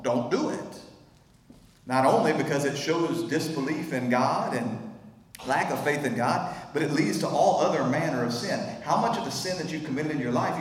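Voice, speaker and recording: Male pastor, casual storytelling sermon style, echoey church hall. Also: medium pitch. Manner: conversational preaching with anecdotes. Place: church sanctuary.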